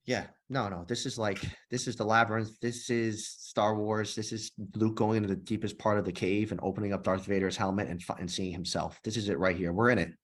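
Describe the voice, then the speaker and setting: Animated low-voiced man telling a story. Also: brisk, hardly any pauses. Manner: animated, profane, acts out dialogue. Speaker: guest, nonprofit founder and former police officer. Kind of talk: candid storytelling in a podcast interview.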